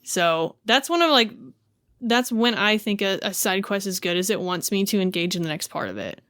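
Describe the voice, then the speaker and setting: A woman's voice: medium pitch, big pitch swings, moderate pace, fairly bright tone, dry recording, clean studio sound. A woman chatting casually as a podcast co-host, loose and full of fillers. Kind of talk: casual chat.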